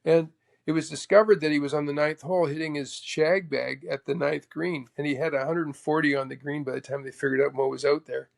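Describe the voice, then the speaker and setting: Man from canada, guest golfer, gravelly voice, somewhat high, lively anecdotes. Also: brisk. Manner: animated anecdote teller, acts out the voices of others. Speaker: guest, former tour golfer. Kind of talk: casual storytelling interview.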